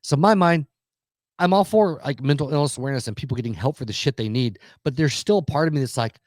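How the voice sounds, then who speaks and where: A man's voice: mid-range voice, quick pace, a little mellow, no room sound, studio quality. A man, telling a heated, profanity-laced story in casual podcast chat. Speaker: podcast co-host.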